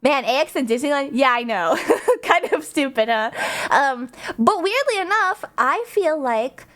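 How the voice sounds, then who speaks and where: A woman streamer chatting casually with her viewers, bubbly and rambling, with quick asides and giggles. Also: high voice, lively intonation, fairly bright tone. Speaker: VTuber streamer.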